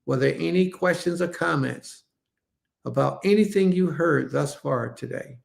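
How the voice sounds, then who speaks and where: He leads the online service with a voice on the high side, a measured pace, and noticeable vocal fry. He preaches in a relaxed way over the live stream, saying things again for emphasis and calling everyone family.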